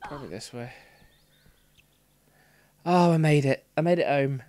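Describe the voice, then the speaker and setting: A man's voice: on the high side, a little slow, darkish tone, no room sound, clean studio sound. A man livestreaming gameplay commentary, frustrated and swearing through exasperated outbursts. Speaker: let's play streamer.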